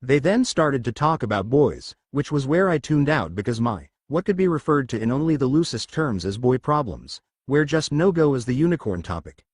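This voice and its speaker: A man narrating a humorous fan fiction story in a lively reading voice. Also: medium pitch, moderate pace, hardly any pauses, husky, no room sound, studio quality.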